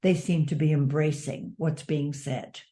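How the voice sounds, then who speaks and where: Low-voiced older woman, earnest and mellow. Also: steady tone, unhurried. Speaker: author and advocate. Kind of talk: interview conversation.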